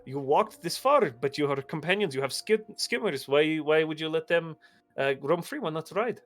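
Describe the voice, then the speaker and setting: A man's voice: fairly high pitch, expressive, moderate pace, a bit bright, soft background music. A man voicing a curious stranger who greets outlanders politely and questions them. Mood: questioning.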